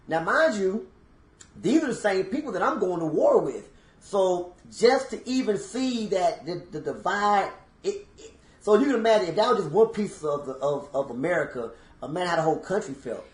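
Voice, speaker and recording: A man's voice: a little high, animated, normal speed, reverberant. A man co-hosting a podcast in casual chat, telling stories emphatically and talking to listeners as y'all. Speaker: podcast co-host.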